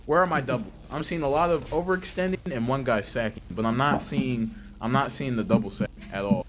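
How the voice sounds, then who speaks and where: A man casting a live esports match, excitable and joking, with lots of slang and repetition. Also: medium pitch, brisk, noisy background. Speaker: esports caster. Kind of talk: live play-by-play commentary.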